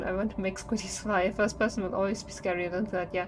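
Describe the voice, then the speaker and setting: A young woman streaming horror games, chatting nervously and singing to herself to stay calm. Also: fairly low pitch, fairly quick, few pauses. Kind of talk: live-stream gameplay commentary. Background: faint game music.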